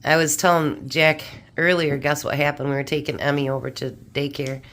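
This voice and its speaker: Low-voiced chatty woman cooking at home. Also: flat delivery, moderate pace, fairly bright tone. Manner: chatty, homey, talks while eating and tasting. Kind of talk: casual cooking chat to camera.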